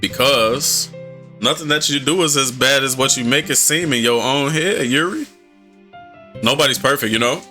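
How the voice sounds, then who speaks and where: Bright-voiced joking gamer man. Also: medium pitch, normal speed, soft background music. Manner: profane, slangy, joking asides. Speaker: gaming video host. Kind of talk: comedic let's-play commentary.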